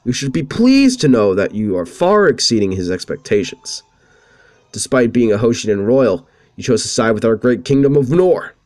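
A man voicing a scheming, burly male axe-wielding soldier, reading the game dialogue aloud in a slow, flat way. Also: mid-range voice, no echo, close to an everyday voice. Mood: smug.

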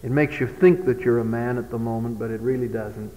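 A man's voice: mid-range voice, steady tone, fairly quick, voice pushed down, natural voice. A man voicing a stern but fair father who scolds his son with firm, pointed questions. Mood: calm. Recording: dull old hall recording with long reverb.

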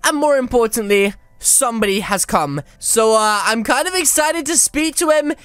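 A woman hosting a game video, chatting and exclaiming in excited commentary. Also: fairly high pitch, normal speed, clean tone, no room sound. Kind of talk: excited let's-play commentary.

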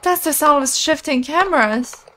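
A woman's voice: high voice, animated, moderate pace, a bit bright, slight background noise. A young woman streaming a horror game, talking to her chat and anxiously repeating pleas as she plays. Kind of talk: horror game let's play.

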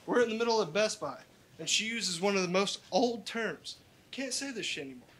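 A young man doing a profane stand-up set, telling stories in a deadpan way. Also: high-pitched, fairly quick, husky. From Roswell. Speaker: stand-up comedian. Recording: live club recording with background noise.

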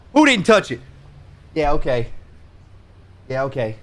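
A man's voice: a little high, sing-song, measured pace. A man streaming a game, bragging and joking with his chat while jumping around and getting out of breath. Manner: boastful and joking, talking straight to chat. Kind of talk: casual live-stream game commentary.

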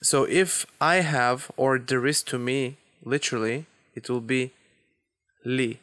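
Man teaching slowly in a dry room. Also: mid-range voice, fairly bright tone, dry recording. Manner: slow, deliberate explanations with example phrases. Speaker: Hebrew teacher. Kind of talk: language lesson.

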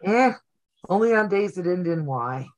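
A woman's voice: lowish voice, animated, moderate pace, a little mellow. A Southern American woman hosting a casual sewing livestream, chatty and teasing, laughing often. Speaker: host of a sewing channel livestream.

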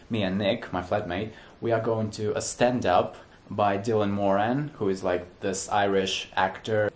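Hesitant vlogger man, lowish voice. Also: echoey room. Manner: loose, hesitant, filler-heavy chat. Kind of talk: casual vlog talk to camera.

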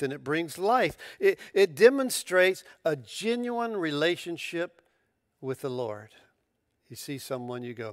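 A man preaching a sermon as pastor, in a conversational, emphatic way, using casual slang and restarting his phrases, rising sharply when excited. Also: medium pitch, a little slow, creaky, no echo.

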